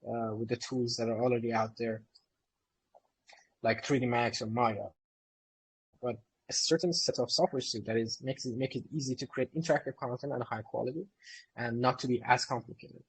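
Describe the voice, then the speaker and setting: A man's voice: medium pitch, fairly even intonation, moderate pace, slightly rough, rough recording. A man who co-founded a company, answering community questions in a live Q&A session in an eager, explanatory way.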